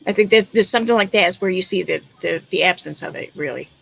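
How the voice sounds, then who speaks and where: A woman's voice: on the low side, fast, vocal fry, fairly bright tone, slightly rough, rough recording. A woman hosting a livestream, chatting casually with callers and laughing often. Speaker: livestream host.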